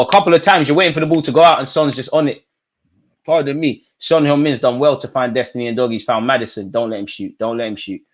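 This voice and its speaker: A young man reacting live to a football match, talking to players and the referee, swinging between low mutters and high shouts. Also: fast. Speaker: football watchalong streamer.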